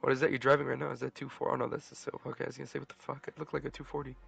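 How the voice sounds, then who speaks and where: A man's voice: mid-range voice, level tone, very fast, creaky, a bit bright, breathy edge, faint music behind. A young man streaming a game, chatting with friends and telling profane, joking stories in a drawling way. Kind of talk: casual gaming chat with friends.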